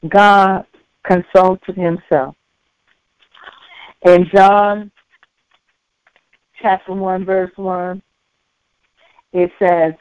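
Slow, tinny-sounding woman preaching. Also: fairly low pitch, little pitch movement, clear, resonant tone, dry recording. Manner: slow, repetitive preaching punctuated by frequent amens. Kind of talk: sermon. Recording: tinny phone-like dry recording.

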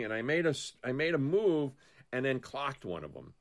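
A man's voice: medium pitch, very animated, brisk. Rambling man in casual political talk. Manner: rambling, restarts often, acts out quotes.

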